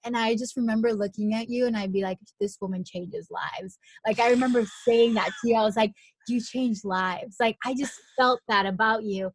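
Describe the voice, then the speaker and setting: A woman's voice: on the high side, fast, hardly any pauses, dry recording. A young woman from Miami, an actress, tells an emotional personal story in a chatty way full of "like" and restarts. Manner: animated when retelling, rising excitement. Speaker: guest, actress.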